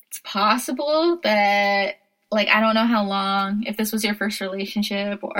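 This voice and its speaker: A woman's voice: medium pitch, sharp tone. A woman co-hosting a casual podcast chat, laughing often as she talks. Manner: giggly, laughs often mid-sentence. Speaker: podcast co-host.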